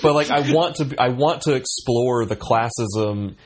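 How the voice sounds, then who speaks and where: A man's voice: medium pitch, measured pace. A man co-hosting a podcast in casual chat, rambling with many fillers and restarts. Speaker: podcast co-host.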